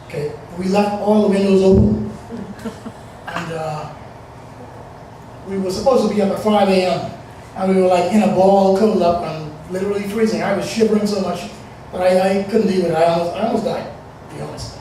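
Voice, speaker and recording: A man in his forties from the Bahamas tells a personal story in a loose, conversational ramble. His voice sits high. He is captured from a distance in a very echoey room, with a faint hiss underneath. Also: steady tone, a little fast, dark tone. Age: 40s. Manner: rambling, conversational, with many fillers.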